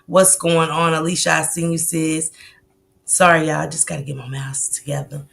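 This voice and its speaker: A woman hosts a casual livestream, chatting loosely into her computer mic and greeting chat viewers by name between sentences. Her voice sits low with little pitch movement, creaky and fairly bright, at a moderate pace. She keeps it loose and conversational, full of fillers and asides.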